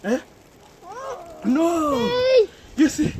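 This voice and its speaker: A man vlogging outdoors in the snow, playful and laughing, often shouting and repeating himself. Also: extremely high pitch, animated, extremely slow, long pauses. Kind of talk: excited outdoor vlog. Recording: loud outdoor noise. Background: loud noise.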